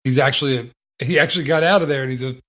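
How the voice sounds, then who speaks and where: Laid back guy on a podcast, mid pitch, telling stories and poking fun at himself. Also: racing, fairly bright tone. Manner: easygoing storyteller, self-deprecating. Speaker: podcast host. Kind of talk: casual podcast chat.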